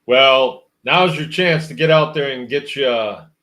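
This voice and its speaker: A man's voice: mid-range voice, unhurried, sharp tone. A man hosting a livestream, reading out viewer comments and musing in a rambling, wry, casual way. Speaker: host.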